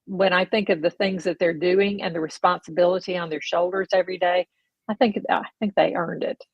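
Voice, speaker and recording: A woman's voice: fairly low pitch, steady tone, fairly quick, no room sound, highs cut off. A woman co-hosting a casual faith talk show, speaking in an earnest, reflective way.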